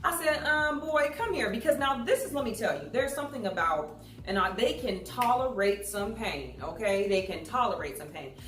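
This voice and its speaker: A woman in her thirties speaking to an audience, telling a personal story in an animated way and acting out the voices of the people in it. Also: mid-range voice, moderate pace. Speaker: public speaker. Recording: echoey room with faint music.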